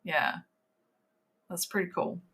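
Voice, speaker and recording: A woman's voice: takes it slowly, fairly bright tone. A woman co-hosting a podcast, chatting casually and asking tentative questions full of "like". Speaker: podcast co-host. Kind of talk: casual chat.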